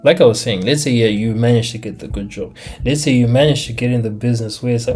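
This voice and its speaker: A young man from Africa delivering a casual, animated monologue on a laptop mic, asking rhetorical questions and dropping into slang. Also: medium pitch, fairly quick, faint music behind. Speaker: commentator.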